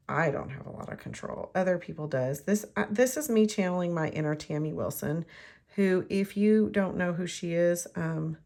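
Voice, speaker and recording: Chatty woman crafting. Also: lowish voice. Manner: chatty, rambling, talks to herself while working. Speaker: craft demonstrator. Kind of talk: casual card-making tutorial.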